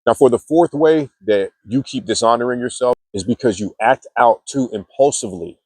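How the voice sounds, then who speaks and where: A man coaching others on self-improvement in an easygoing, conversational talk to camera, steadily checking in with "okay" and "man." His voice sits at an ordinary middle pitch. The sound is dry and close, with no room around it. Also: normal speed, darkish tone, husky, no room sound. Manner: conversational, many fillers like "okay" and "man", acts out quoted reactions. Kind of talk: casual motivational talk to camera.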